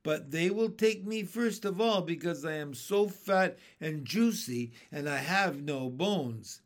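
A man's voice: fairly high pitch, animated, slow. A man voicing a fat, fearful male earthworm in a storybook reading, whiny and despairing. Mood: terrified.

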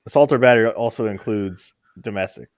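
A man's voice: fairly low pitch, fairly quick, dry recording. A man co-hosting a casual podcast, throwing in wry, sarcastic remarks. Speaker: podcast co-host. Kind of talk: casual chat.

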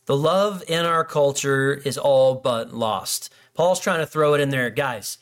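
A man's voice: medium pitch, a little slow. A middle-aged male pastor preaching a casual sermon, joking and acting out little dialogues between people. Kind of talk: conversational sermon.

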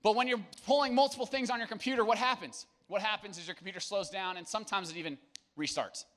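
A man's voice: high voice, fast talker, a bit bright. A young man preaching to young people at church, casual and joking, then turning earnest. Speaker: youth pastor.

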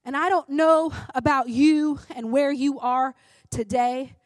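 A woman's voice: high-pitched, steady tone, slow, no echo. A woman in her thirties giving a conversational sermon, chatty and often asking "right?", then turning emphatic and fervent. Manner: emphatic, rises to fervent urging. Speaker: devotional speaker.

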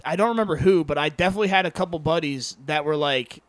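A man chatting casually in a rapid, slangy way, swearing freely. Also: a little high, no echo. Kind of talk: casual chat.

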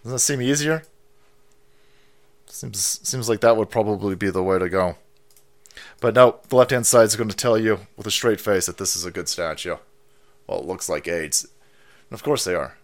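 A man's voice: fairly low pitch, lively intonation, a little fast. A man hosting a stream, ranting and mocking in a foul-mouthed commentary style. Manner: foul-mouthed, mocking, acts out silly voices. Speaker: streamer host.

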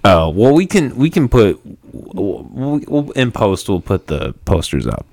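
Young male podcast host, very low pitch, dry close sound, self-mocking banter with frequent laughs. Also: sing-song, unhurried, vocal fry, a little mellow, no room sound. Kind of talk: casual chat.

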